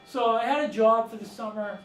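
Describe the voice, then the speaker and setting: With a very high-pitched, slightly bright voice, a middle-aged storyteller and author from Massachusetts speaks fairly quickly, rambling through tales for a live audience and chuckling often. Faint music plays behind him, and the noisy recording was made from a distance in an echoey room.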